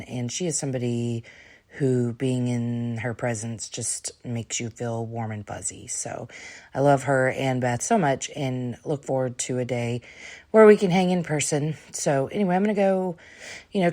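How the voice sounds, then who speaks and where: A woman's voice: a bass voice, a little mellow. A woman hosting a podcast who is out of breath, talking casually in a rambling, self-deprecating way. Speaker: podcast host.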